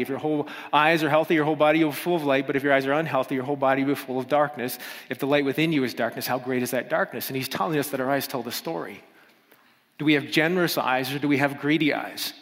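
A man with a slightly higher voice preaches a relaxed, chatty sermon to his congregation, often stumbling and repeating himself. His voice carries through a large church with a long reverb. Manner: casual, playful, repeats himself, acts out voices. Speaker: pastor.

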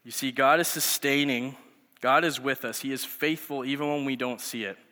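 Preaching in a hall with echoey reverb, a man in his thirties who works as a youth pastor tells conversational stories as his sermon. His mid-range voice is steady yet sharp, at a normal speed.

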